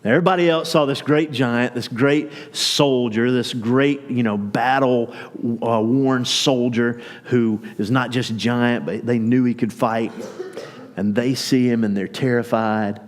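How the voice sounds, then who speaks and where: A man preaching a sermon as pastor, retelling a story in a relaxed, conversational way and acting out the quotes. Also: mid-range voice, unhurried, big-room sound. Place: church.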